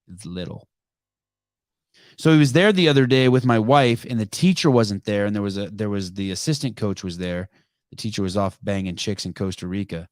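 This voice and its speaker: A man's voice: on the low side, a little fast, no room sound, clean studio sound. A middle-aged man hosting a podcast, telling a rambling family story with asides and self-corrections. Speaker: podcast host. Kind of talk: casual live call-in chat.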